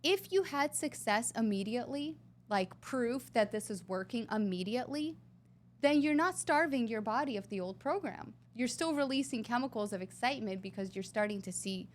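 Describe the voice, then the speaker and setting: A woman's voice: a little high, expressive, moderate pace, a little hiss or hum. A woman talking earnestly and with emphasis as a guest in a conversational interview. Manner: earnest, emphatic, sometimes drawn out. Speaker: podcast guest.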